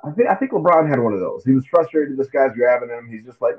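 A man co-hosting a casual sports chat, animated and acting out quotes in silly voices. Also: mid-range voice, fairly quick, few pauses. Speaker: podcast co-host. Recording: tinny phone-like mic.

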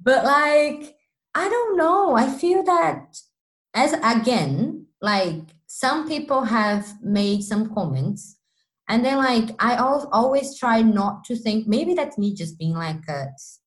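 A young woman from Brazil with a Brazilian Portuguese accent and a deep voice, chatting casually with lots of fillers and restarts. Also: expressive, takes it slowly, rough recording. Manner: talks with many fillers and restarts. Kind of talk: casual chat.

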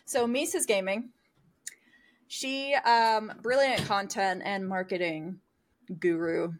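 A woman's voice: mid-range voice, steady tone, slow. A young adult woman chatting as a podcast guest, bubbly and self-deprecating, often laughing. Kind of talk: casual chat.

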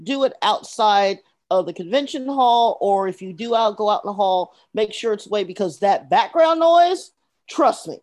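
A woman co-hosting a podcast in casual chat, sharing convention stories with quick asides. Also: medium pitch, animated, darkish tone. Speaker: podcast co-host.

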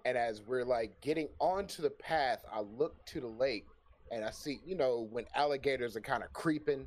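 A young man spins a rowdy story in casual conversation, cursing often and laughing between lines. His voice sits at an ordinary middle pitch, with faint noise under the recording. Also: moderate pace. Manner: profane, animated, laughs often. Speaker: podcast guest telling a story.

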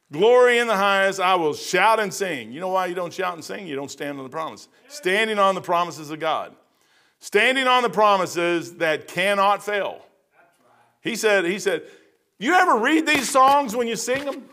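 High, bright-voiced folksy preacher man. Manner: folksy, rambling, says "man" a lot, half-sings hymn lines. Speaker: pastor. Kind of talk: verse-by-verse sermon.

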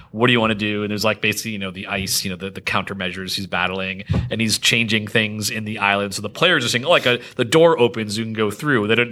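Bright-voiced man telling game stories. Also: fairly low pitch. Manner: animated, laughs often, many restarts. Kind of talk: casual storytelling chat.

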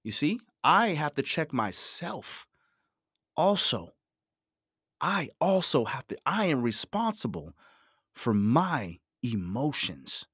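Motivational talk guy, repeats himself a lot, lively swooping pitch, dry sound. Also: slow pace, slightly rough, no echo. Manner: repetitive, emphatic, preachy. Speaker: motivational speaker.

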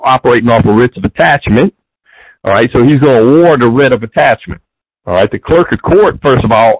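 Man, interview guest: husky, middle-pitched voice, dry dull lo-fi sound, rambling and restarting. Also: no room sound. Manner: rambling, restarts sentences often. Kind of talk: casual interview talk.

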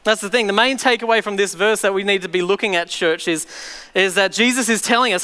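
A man preaches to a congregation, his voice high and bright with a smooth, clear ring. He tells stories with lively energy and slips into acted voices. The sound carries a long hall reverb with faint music behind. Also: fairly quick. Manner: animated storytelling, acting out voices. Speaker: pastor. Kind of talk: sermon.

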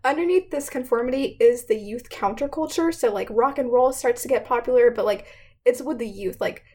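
A young woman with a slightly high voice talks through history in a loose, chatty way. She leans on fillers and laughs often. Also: a little fast, a little mellow, slightly rough. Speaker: student presenter. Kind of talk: casual history explainer.

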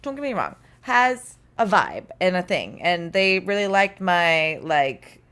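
Lively lower-pitched woman telling stories. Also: unhurried, clear, resonant tone. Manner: lively storytelling, swearing, mimics people she quotes. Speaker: podcast guest, voice actor. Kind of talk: casual chat. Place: recording studio.

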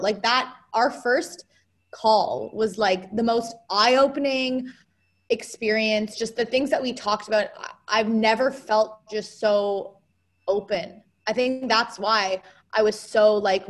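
A young woman co-hosting a casual podcast chat, speaking in an earnest, heartfelt way with quick, rambling bursts. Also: mid-range voice. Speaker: podcast co-host.

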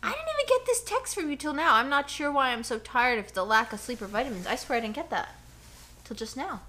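Ranting, bright-voiced woman podcaster. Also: high voice, fast. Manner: ranting, animated, talks to her dogs. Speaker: podcast co-host. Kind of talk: casual chat. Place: home living room.

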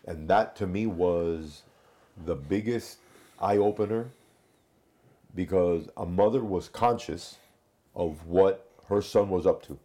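A former investigator talks through a hard case in a measured, conversational way. His voice sits very low, with a dark and mellow tone. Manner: measured, recounts cases with quoted dialogue. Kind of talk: conversational storytelling.

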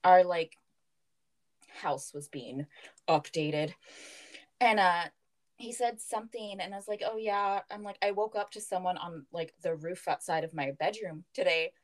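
A young woman co-hosting a casual chat, telling animated stories, swearing freely and laughing often. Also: on the low side, a little slow, rough recording. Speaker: podcast co-host.

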